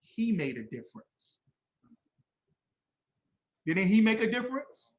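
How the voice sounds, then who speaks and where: A man teaching as a religious instructor, combative and preachy, with loud emphatic bursts. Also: high-pitched, big pitch swings, slow, roomy sound. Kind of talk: fiery teaching commentary.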